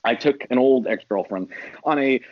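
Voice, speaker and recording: A man from the United States, a podcast guest, telling an expressive story and acting out quotes with big jumps in pitch. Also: moderate pace, dry recording, muffled recording. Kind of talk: animated storytelling in conversation.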